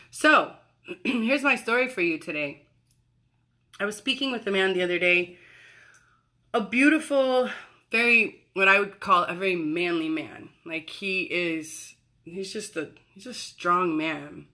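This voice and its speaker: A woman's voice: medium pitch, a little slow, pushed and bright. A woman in her forties hosting a casual chat, talking in a chatty, rambling way and interrupting herself. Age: 40s. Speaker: host.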